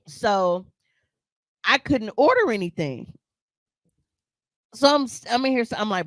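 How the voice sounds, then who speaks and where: A woman's voice: a little high, lively intonation, measured pace, pauses often, no echo. Woman podcast co-host, candid storytelling, dry close sound. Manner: blunt, profane, laughing storyteller. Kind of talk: casual storytelling chat.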